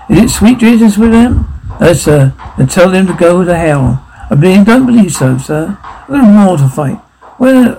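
A man performing a one-man audio drama, voicing every role and switching between clipped military voices and plain talk, with a gravelly voice. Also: fairly high pitch, mellow, slight background noise, rough recording.

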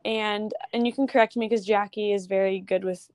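A woman's voice: medium pitch, steady tone, no echo. Chatty young woman telling a story. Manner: chatty, with restarts and quick asides. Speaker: guest photographer. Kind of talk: casual interview.

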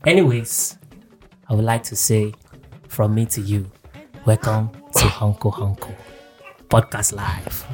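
A man's voice: fairly low pitch, flat delivery, measured pace, long pauses, soft background music. A man hosting a podcast, joking and laughing as he hypes up his guests. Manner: playful, laughing, hype-man introductions. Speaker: podcast host. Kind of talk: casual chat.

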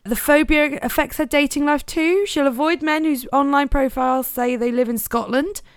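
A woman's voice: high-pitched, moderate pace, dry recording. A woman co-hosting a comedy podcast, reading a news story aloud with giggly, sardonic asides into a close mic. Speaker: podcast co-host.

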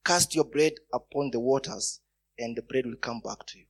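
Husky-voiced preacher. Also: male voice, mid-range voice, normal speed. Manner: storytelling, bursts of loud emphasis. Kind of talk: sermon.

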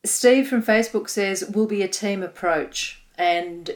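A woman's voice: mid-range voice, unhurried. Enthusiastic Australian woman co-host. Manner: enthusiastic, reads out listener comments. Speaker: podcast co-host. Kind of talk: casual sports chat.

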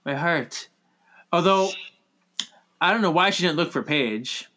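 A man talks through a TV episode with a friend, getting animated and gushy. His voice sits a little on the high side. He jumps into over-the-top impressions of the characters mid-sentence. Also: normal speed. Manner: animated, gushing, with dramatic quoted outbursts. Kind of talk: casual chat recapping a TV episode.

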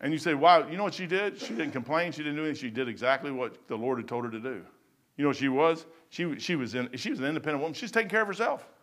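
A man preaching a casual sermon, rambling and folksy as he tells stories and reads scripture slowly. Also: fairly high pitch. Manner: reads scripture slowly, then trails off quietly.

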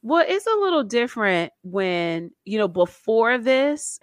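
A woman co-hosting a casual chat about a documentary, telling it with lively acted-out quotes. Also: fairly high pitch, measured pace, no room sound, studio quality. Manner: animated storytelling with acted-out quotes. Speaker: podcast co-host.

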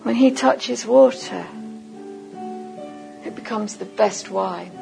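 Slow gravelly woman preaching a story. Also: medium pitch, music in the background, low-quality recording. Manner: vivid second-person storytelling, slow and deliberate. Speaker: conference speaker. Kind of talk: sermon as guided imaginative storytelling.

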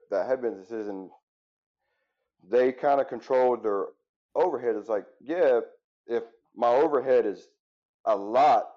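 Dull audio carries a man's medium-pitched voice as he speaks as an interview guest. In his thirties, he left firefighting to run a business, and he reflects on that journey in an earnest way, with many restarts.

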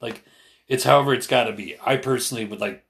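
A man's voice: medium pitch, fast. A man co-hosting a casual podcast conversation, earnest and hesitant, with many fillers and restarts. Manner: earnest, retells others with raised animated voice. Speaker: podcast co-host.

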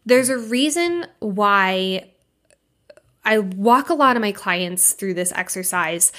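A woman's voice: mid-range voice, animated, slow, sharp tone. Young adult woman, life coach, podcast host, candid, emphatic, casual swearing, mid-range voice.

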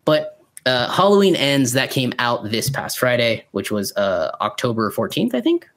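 A man's voice: medium pitch, sing-song, moderate pace, fairly bright tone. A man co-hosting a podcast, rambling and swearing freely as he reviews films in casual chat. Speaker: podcast co-host.

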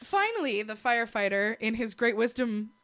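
A woman's voice: on the high side, big pitch swings, moderate pace, a bit bright. A young woman in casual chat, retelling a story with crude humor, laughter and acted-out quotes.

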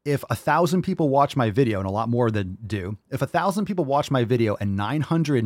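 A man hosts a fitness podcast and lectures his listeners in a blunt, profane rant. His pitch swings widely as he hammers his points home, and the sound is close and dry. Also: animated, quick pace, few pauses, darkish tone, dry recording. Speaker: podcast host.

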